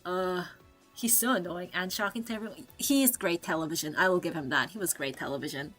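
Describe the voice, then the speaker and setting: A woman's voice: on the low side, fairly quick, a bit bright, faint music behind. A woman streamer telling a story in casual chat, swearing freely, filling her speech with "like," and mimicking the people she quotes. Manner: chatty, swears freely, fills with "like". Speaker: VTuber streamer.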